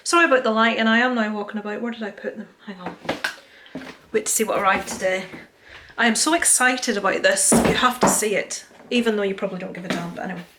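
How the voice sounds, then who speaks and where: A woman, chatting casually to a handheld phone camera at home, excitable, sweary and self-deprecating. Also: medium pitch, quick pace, very noisy. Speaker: vlogger. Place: home, indoors.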